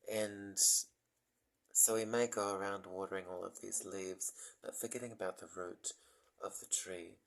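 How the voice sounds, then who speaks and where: A man giving a gentle spiritual talk on mantra meditation, soft-spoken and apologetic, pausing often with ums. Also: sits low, vocal fry, low-quality recording. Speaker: meditation teacher.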